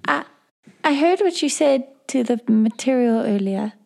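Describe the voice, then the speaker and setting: A curious young adventurer asks polite questions in a somewhat high voice, as a player puts her on. She sounds eager and courteous. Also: expressive, unhurried, creaky, darkish tone, heavily acted.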